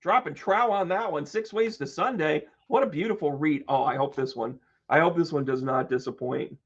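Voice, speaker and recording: A man's voice: on the high side, normal speed, highs cut off. A man doing a live-streamed tarot reading as its host, exclamatory and joking, swearing freely and greeting viewers by name. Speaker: tarot reader and medium.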